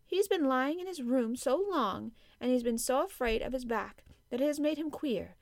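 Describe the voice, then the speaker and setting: Woman doing a bright, eager little girl, higher voice, dry sound, audiobook. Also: animated, moderate pace, no room sound. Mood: earnest. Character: young girl, eager and earnest. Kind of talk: audiobook character reading.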